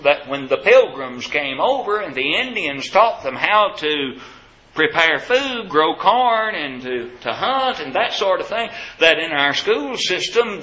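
A man's voice: high-pitched, sharp tone, roomy sound, lo-fi sound. A man preaching a sermon to his congregation, asking rhetorical questions with emphasis.

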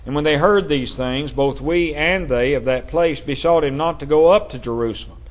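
Man preaching a measured sermon. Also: a little high. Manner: measured preaching, reading scripture aloud in King James wording.

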